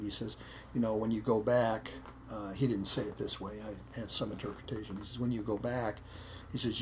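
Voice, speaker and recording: Gravelly man telling a rambling story. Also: on the low side, a little hiss or hum. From United States. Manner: rambling, repeats words, acts out quotes. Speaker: interview guest, martial arts instructor. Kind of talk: casual storytelling interview.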